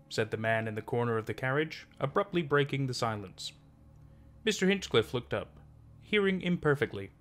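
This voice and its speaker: A man narrating a classic short story in a measured storytelling manner. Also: mid-range voice, lively intonation, a bit bright. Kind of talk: scripted narration.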